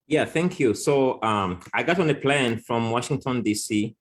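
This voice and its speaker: A man chatting casually as a guest song leader on a video call, with many pauses and restarts. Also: mid-range voice. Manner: relaxed, with many fillers and restarts. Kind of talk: casual chat.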